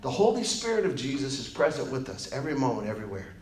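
Male pastor preaching in an echoey hall. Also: mid-range voice. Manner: rises to loud emphatic peaks, then drops to soft, slow invitation; asks the congregation directly. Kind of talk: sermon. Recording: roomy, echoey hall sound.

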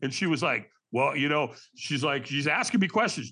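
A man in his sixties, a podcast guest, tells a candid personal story in an animated, emphatic way and laughs through hard memories. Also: on the high side, moderate pace, slightly rough.

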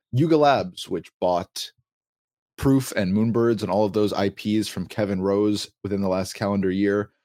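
A man hosts a podcast in a casual, talkative way, often breaking into small laughs as he explains. His voice sits on the low side. The recording is dry and close, with no room sound. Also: darkish tone, dry recording. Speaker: podcast host.

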